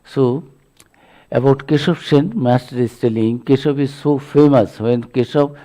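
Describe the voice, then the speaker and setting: A man, a monk, giving a religious lecture full of stories, speaking haltingly with many fillers. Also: mid-range voice, warm tone. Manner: halting delivery, many fillers, acts out quotes.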